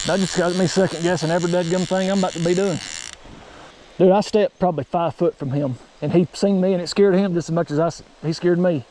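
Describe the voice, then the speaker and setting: Excitable high-voiced man outdoors. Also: fast talker, a little hiss or hum. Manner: excitable, folksy exclamations. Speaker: fly fishing vlogger. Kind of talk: casual outdoor vlog narration. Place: outdoors by a mountain creek.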